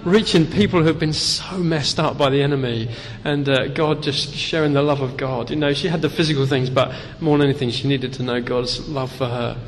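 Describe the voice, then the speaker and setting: A man's voice: medium pitch, steady tone. Brit guy running a church meeting, upbeat, hall echo, bit of noise. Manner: enthusiastic, quick encouragement. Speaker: meeting leader. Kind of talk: storytelling and hosting.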